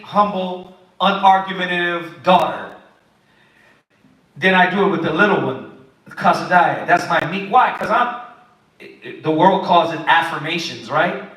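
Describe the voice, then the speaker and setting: A man preaches in a high, bright voice, animated and pointed, acting out little quotes. The mic sits some way off, so he is heard from a distance in a very echoey room. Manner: animated, preachy, acts out quotes of kids and parents. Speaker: Bible study teacher. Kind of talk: sermon-style teaching.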